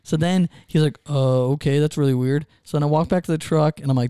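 Lively young man telling a story. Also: on the high side, fast talker, hardly any pauses, smooth, no echo, studio quality. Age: 20s. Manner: animated storyteller, acts out quotes. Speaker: podcast host. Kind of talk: casual chat, storytelling.

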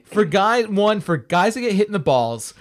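Relaxed chatty man podcast co-host. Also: high voice, normal speed. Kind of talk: casual chat.

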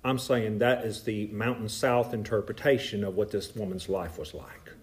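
A man with a Southern Appalachian accent, preaching a sermon in a folksy, animated way with asides to the congregation. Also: lowish voice, moderate pace. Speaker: pastor. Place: church.

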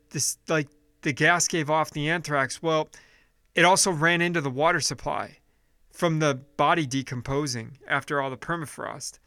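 A man's voice: fairly high pitch, sharp tone, clear, resonant tone, dry recording, clean studio sound. A man delivering a blunt, profane, exasperated casual rant, often restarting his sentences.

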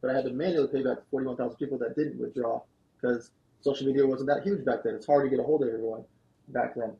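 A man, a guest on a podcast, telling a long story in an animated, fast-moving way. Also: medium pitch, gravelly, muffled recording. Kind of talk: storytelling interview answer. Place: podcast studio.

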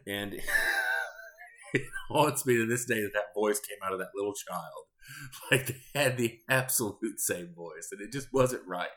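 A man in his thirties, a podcast host, telling candid stories in a casual, rambling, deadpan way. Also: on the low side, moderate pace. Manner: candid, rambling, deadpan about odd customers. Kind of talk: casual storytelling monologue.

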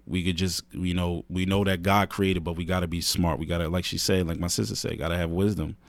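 Deep-voiced earnest man giving advice. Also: level tone, brisk, gravelly, no echo. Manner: earnest, repeats points, says "man" and "you know what I mean" often. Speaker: podcast co-host. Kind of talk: casual advice talk.

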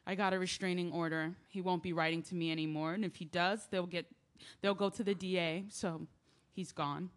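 A woman's voice: lowish voice, fairly even intonation, brisk, hardly any pauses, lightly acted. Brief: woman as an earnest, confessional lead narrating her letters, audio drama. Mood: reflective. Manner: earnest, confessional, rising to yelling. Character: grieving young woman named Lia writing letters.

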